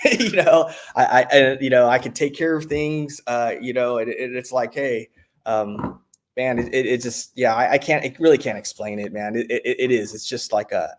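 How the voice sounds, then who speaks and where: A veteran of the military from the United States speaks at medium pitch in a casual testimonial, halting and restarting often with plenty of fillers. His voice rises excitedly each time he relays what was said.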